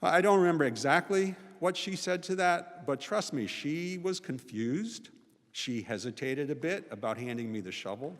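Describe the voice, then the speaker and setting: A man's voice: fairly high pitch, animated, moderate pace. Man in his sixties, chapel reverb. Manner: conversational, frequent "right?" tags. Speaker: guest speaker, sociology professor. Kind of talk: personal storytelling talk. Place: college chapel.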